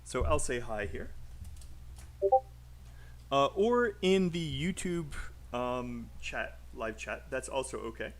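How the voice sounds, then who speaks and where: A man's voice: medium pitch, lively intonation, slow, pauses often. A man teaching English pronunciation on a live stream, chatty and encouraging, calling out names from the chat.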